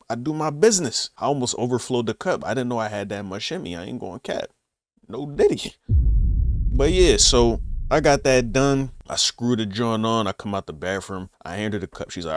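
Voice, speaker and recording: A man's voice: mid-range voice, a little fast, dry recording, clean studio sound. A young man casually telling a story in slang, acting out the lines of the people he quotes. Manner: slangy, animated retelling with quoted dialogue. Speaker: vlogger.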